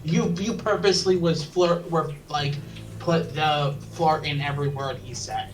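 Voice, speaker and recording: Low-voiced woman heard from a distance. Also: steady tone, measured pace. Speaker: let's play co-host and narrator. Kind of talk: casual gaming chat and reading game text. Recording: distant mic with background noise.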